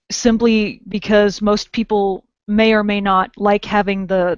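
A woman's voice: medium pitch, no room sound. A woman co-hosting a podcast in casual chat, wry and self-mocking as she explains crafting tips. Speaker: podcast co-host. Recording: dull lo-fi dry podcast audio.

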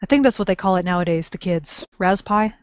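A woman co-hosts a podcast, chatting casually and explaining crafting tips in a wry, self-mocking way. Her voice sits fairly low and moves fast. The dry recording has no room sound and a dull, lo-fi podcast quality.

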